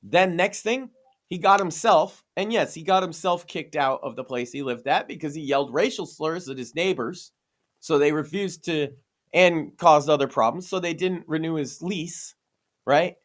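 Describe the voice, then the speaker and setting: A man's voice: on the high side, normal speed. A man in a casual podcast discussion, talking earnestly and emphatically and swearing freely.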